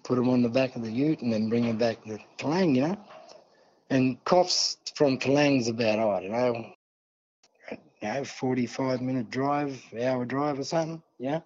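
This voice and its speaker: A man's voice: medium pitch, moderate pace, a little mellow, lo-fi sound. A man from Australia with an Australian accent, a podcast guest telling a long story in a rambling, chatty way and swearing freely. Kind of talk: casual storytelling.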